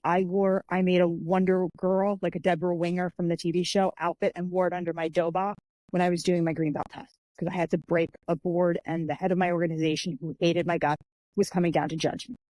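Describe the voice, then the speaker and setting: This woman, an author and martial artist appearing as a podcast guest, brings her stories to life by imitating the people in them. She speaks a little fast in a lowish, warm, mellow voice. There's no room echo; the sound is close and dry.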